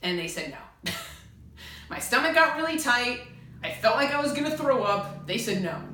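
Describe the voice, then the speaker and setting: A woman's voice: a little high, big pitch swings, normal speed, bright, forceful tone, a little hiss or hum. A young woman delivering an urgent, emphatic spiritual monologue to camera, pleading and repeating herself for emphasis. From United States. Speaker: self-styled spiritual channel. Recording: very echoey room.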